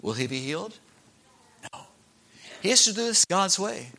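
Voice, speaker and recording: Bright-voiced man telling a Bible story. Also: high voice, normal speed. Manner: animated, asks the children questions and acts out the characters. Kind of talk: Bible story told to children.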